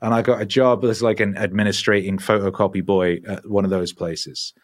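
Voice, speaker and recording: His pitch sits fairly low and his delivery is fairly quick. A musician in his forties, he's a guest in a casual interview, animatedly rambling through stories full of profanity.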